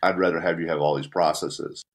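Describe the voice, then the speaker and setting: Deep-voiced middle-aged podcast host. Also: male voice, steady tone, fairly quick. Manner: coach-like, direct, lays out steps plainly. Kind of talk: casual podcast conversation.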